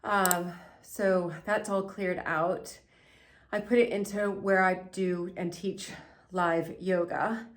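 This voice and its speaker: A woman's voice: lowish voice, steady tone, slow pace. Emotional American woman filming a vlog. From United States. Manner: emotional, rambling, apologetic. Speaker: vlog co-host filming behind the camera. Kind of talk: casual vlog. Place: house cellar. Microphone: handheld camera.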